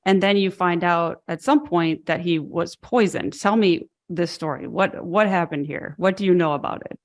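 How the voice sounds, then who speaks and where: Female podcast host, somewhat low voice, gentle prompting interviewer. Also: moderate pace. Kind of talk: interview questions.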